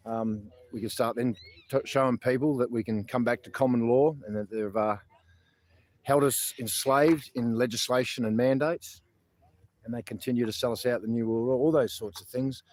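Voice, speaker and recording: A man's voice: medium pitch, fairly even intonation, normal speed, a little mellow. Australian man, earnest rambling talk, lots of ums and restarts, outdoor phone livestream. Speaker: protest livestream host. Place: outdoors in a public garden.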